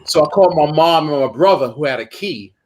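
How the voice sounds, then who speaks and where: A man, a guest wrestler telling a profane, animated story in a shoot interview. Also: fairly high pitch, fairly quick, low-quality recording.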